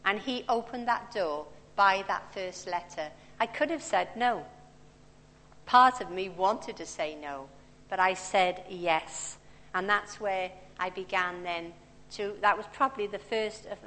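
A woman's voice: lowish voice, a little slow, fairly bright tone. Woman in her sixties preaching. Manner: conversational, storytelling with personal anecdotes. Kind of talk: sermon. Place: large church hall. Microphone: handheld or stand mic. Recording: long church reverb.

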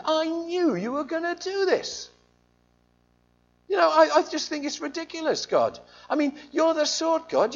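A preacher putting on a whiny, sulky prophet. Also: male voice, very high voice, highs cut off, pitched above the performer's own voice, full character voice. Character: sulky prophet man, grudging and exasperated.

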